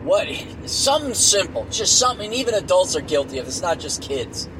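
Profane, high-pitched middle-aged man ranting in a car. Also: sing-song, brisk. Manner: profane, blunt and exasperated. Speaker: podcast host. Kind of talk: solo rant while driving. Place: inside a moving car. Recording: road noise from a car.

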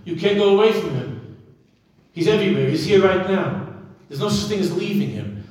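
A man, a rabbi, giving a sermon full of stories, swinging from loud emphasis to quiet asides. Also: sits high, lively intonation, moderate pace. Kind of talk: sermon with storytelling. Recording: echoey hall, speaker far from mic.

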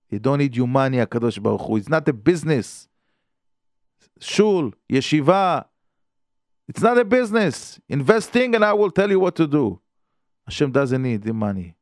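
A man tells a story as a sermon in earnest, halting English. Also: on the high side, sing-song, darkish tone, no echo, studio quality.

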